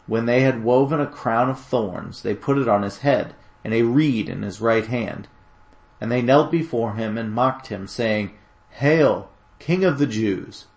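A man narrating a dramatic scripture reading in a steady, solemn storytelling manner. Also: medium pitch, gravelly.

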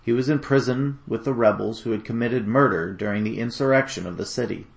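A man narrating a dramatic scripture reading in a steady, solemn storytelling manner. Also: medium pitch, brisk, gravelly.

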